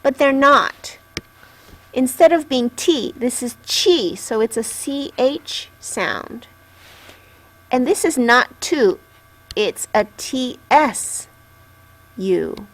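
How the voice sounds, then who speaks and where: A woman's voice: high voice, lively intonation, drawn-out words, pauses often. A woman teaching Japanese syllables in a patient lesson, carefully sounding each one out and checking in with the learner. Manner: patient, clearly enunciating syllables. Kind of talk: slow, patient language lesson.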